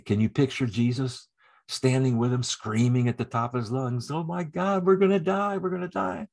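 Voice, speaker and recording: Middle-aged male pastor, husky, animated pulpit delivery with chuckles and restarts. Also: mid-range voice. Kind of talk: sermon.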